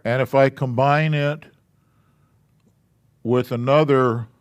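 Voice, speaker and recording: A man's voice: medium pitch, steady tone, slow pace, smooth, no room sound. A man teaching a Hebrew alphabet class in a church classroom, patiently explaining letters and syllables step by step.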